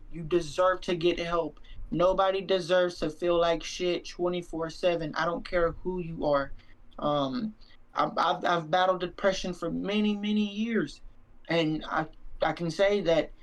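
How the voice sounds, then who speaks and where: A young Mexican-American man co-hosting a stream speaks earnestly and sincerely in a heartfelt, casual chat, often repeating himself. His voice sits high, and the recording quality is low.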